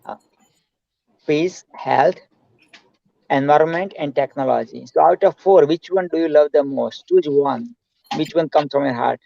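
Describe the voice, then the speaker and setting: A high-pitched man with as his hosts an online chat, effusive and full of repeated "man" and "buddy." The sound is dry and a bit dull. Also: normal speed, vocal fry, dark tone, no echo. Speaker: host. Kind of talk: casual video call chat.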